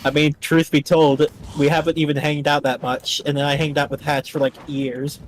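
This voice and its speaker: Easygoing guy from canada, kinda high voice, faint noise in the back. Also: flat delivery, normal speed. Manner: easygoing, laughs often. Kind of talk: casual chat while gaming.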